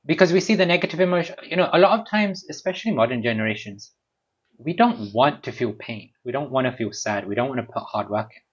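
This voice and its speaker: A man giving a devotional talk at a home gathering, animated and lively, sometimes acting out small scenes. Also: mid-range voice, fast, breathy edge. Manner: animated, acts out little scenes with raised voice. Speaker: speaker at a home program. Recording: dull lo-fi recording.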